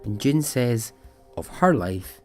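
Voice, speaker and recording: A male podcast host tells a story in a loose, chatty way, rambling a little and dropping swear words as he goes. His voice sits at an ordinary middle pitch, with faint music playing behind him. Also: animated, takes it slowly.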